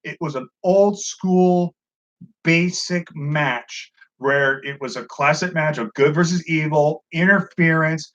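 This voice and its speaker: Man, high voice, excitable, swears freely, acts out quotes, wrestling review chat, dull lo-fi sound. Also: slow. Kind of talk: casual profane commentary.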